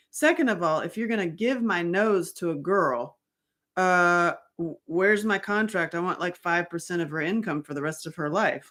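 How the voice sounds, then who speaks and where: A middle-aged woman telling a story in a casual monologue, animated and blunt, laughing often and swearing freely. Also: medium pitch. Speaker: author and host.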